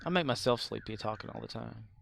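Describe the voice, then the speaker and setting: Talking fast in a fairly low, creaky, slightly bright voice, a man chats casually while streaming a game. He rambles on and laughs often as he speaks.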